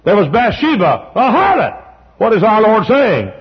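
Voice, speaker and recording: A male pastor preaching an impassioned sermon in a church, swinging from soft to loud and breaking into hymn lines. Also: high voice, huge pitch swings, normal speed, slightly rough, dull audio. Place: church sanctuary.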